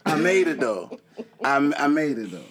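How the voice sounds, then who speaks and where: A man's voice: fairly high pitch, very animated, normal speed, over a noisy crowd. A man appearing as a guest on a podcast, joking around in casual banter. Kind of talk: casual chat among friends.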